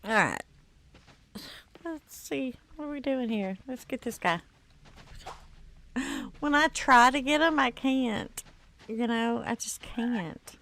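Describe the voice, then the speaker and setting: A woman's voice: fairly high pitch, takes it slowly, pauses often, a bit bright. Tired woman streaming a game. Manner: chatty, talks to chat and to herself while playing. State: tired with a headache. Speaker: let's play streamer. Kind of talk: casual gameplay commentary.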